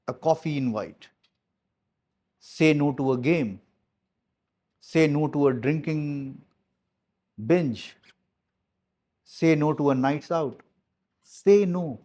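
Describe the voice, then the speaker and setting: This fairly high-pitched man has a dark tone to his voice. He's a business coach firing up his team with an emphatic, blunt motivational talk, full of repeated key phrases and a bit of mild profanity.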